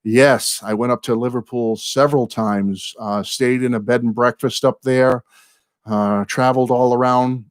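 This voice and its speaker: A man's voice: medium pitch, fairly even intonation, unhurried, smooth, no echo. Rambling older man chatting with viewers. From United States. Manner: apologetic, warm toward viewers. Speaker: host. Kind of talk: live chat with viewers.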